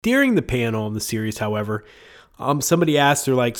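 A man's voice: mid-range voice, animated, fast. A man hosting a podcast in casual chat, talking with a sick, congested voice and rambling with many fillers and chuckles. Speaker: podcast host.

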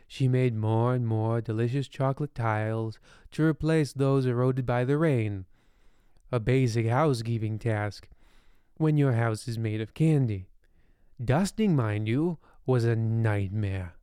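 A man narrating a comic bedtime story in a deadpan, rambling way with ominous asides. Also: mid-range voice, clear, resonant tone, no echo, clean studio sound.

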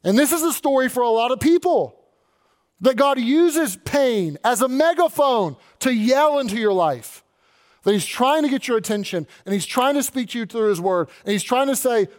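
A man, the pastor, preaching an animated sermon and acting out quoted voices along the way. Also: extremely high pitch, normal speed.

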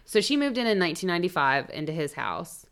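Fast-talking and smooth, this woman has a lowish, fairly bright voice with big pitch swings. She's a podcast co-host narrating a true-crime case in relaxed conversation, full of swearing and playful asides.

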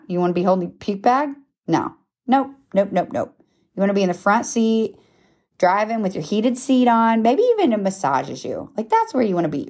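A woman's voice: mid-range voice, darkish tone. A woman in her thirties hosting a podcast, giving a casual motivational talk with emphatic check-ins like "okay?" and "right?", laughing at herself now and then. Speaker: podcast host.

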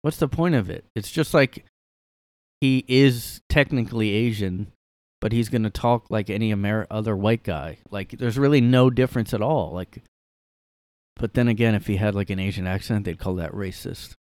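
A man's voice: lowish voice, moderate pace, a little mellow, clear, resonant tone, dry recording. A young man hosting a casual solo podcast from his room, rambling and sarcastic with lots of fillers. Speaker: podcast host.

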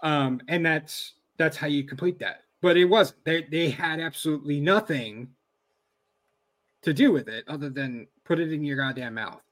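A man's voice: fairly high pitch, moderate pace, fairly bright tone. A man co-hosting a podcast in casual chat, thinking aloud with frequent restarts. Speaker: podcast co-host.

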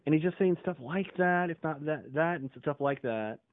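A man's voice: on the high side, animated, normal speed, no echo. Man, casual rambling monologue, swears a lot, laughs often, phone-like sound. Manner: rambling, profane, laughs often, acts out quoted yelling. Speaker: podcast host. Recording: dry, phone-like narrow sound.

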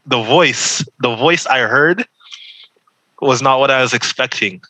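A man's voice: mid-range voice, measured pace, sharp tone, poor audio. A man from Toronto co-hosting a podcast, joking and dodging questions in slang-heavy casual banter. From Toronto, Canada. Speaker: podcast co-host. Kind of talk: casual chat.

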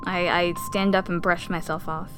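A woman playing a tabletop game, eager and quick in her replies. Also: fairly low pitch, little pitch movement, music in the background. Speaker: player. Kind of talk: casual tabletop play.

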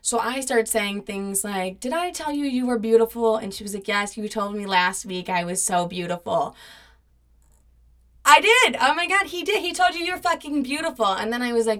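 A young woman telling a personal story in a casual monologue, swearing often and acting out the people she quotes. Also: mid-range voice. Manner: profane, animated retelling with quoted voices.

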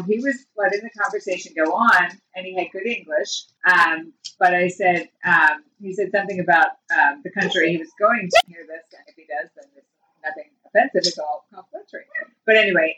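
A woman's voice: lowish voice, brisk, bright, forceful tone. Fifty-something woman host, chatty and giggly, mic a bit far off, faint hiss. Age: 50s. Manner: chatty storyteller, laughs often. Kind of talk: casual chat.

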